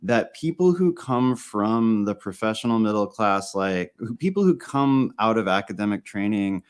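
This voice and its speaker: A man's voice: fairly low pitch, expressive, normal speed, smooth. A man in a casual political discussion, building long, thoughtful arguments. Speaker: podcast guest.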